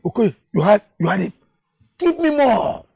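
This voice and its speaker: A man's voice: high voice, big pitch swings, normal speed, creaky, darkish tone, slightly rough, no echo, clean studio sound, heavily acted. An actor playing a drunken, boastful village man who rambles, stammers and hurls insults, in a film drama. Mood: drunken demanding. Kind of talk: Nollywood film acting.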